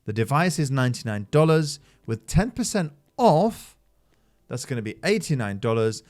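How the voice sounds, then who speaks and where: A man hosts his own channel and talks through a screen-share explainer. He is upbeat and salesy, and his pitch and loudness swing widely. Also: sing-song, normal speed. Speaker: channel host reviewing mining projects.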